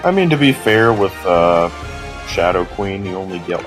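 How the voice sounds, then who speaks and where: Deep-voiced male co-commentator, chatty and quick to laugh. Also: lively intonation, over music. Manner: chatty, gives game tips, laughs often. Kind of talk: casual gameplay chat.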